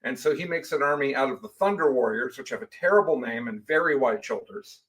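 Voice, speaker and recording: A man co-hosting a casual podcast, recapping lore playfully and sarcastically, often slipping into quick mock voices for the people he quotes. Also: medium pitch, lively intonation, a bit bright, low-quality recording. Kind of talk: casual chat.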